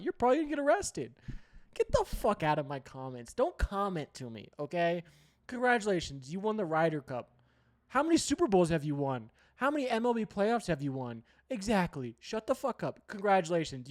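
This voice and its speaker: A man hosting a sports podcast, ranting heatedly with plenty of profanity and sudden loud outbursts. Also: on the high side, big pitch swings, brisk. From United States.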